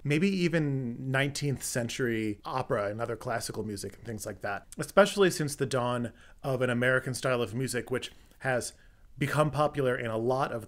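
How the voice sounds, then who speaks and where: A man's voice: medium pitch, a bit bright. A young adult man hosting a music theory lesson, explaining step by step and now and then singing short examples. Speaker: music theory video host.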